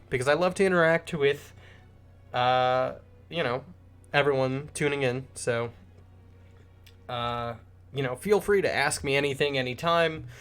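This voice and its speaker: Brief: easygoing male game streamer, mid-pitched, chatty and rambling. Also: fairly bright tone, clean tone. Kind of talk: casual gameplay commentary.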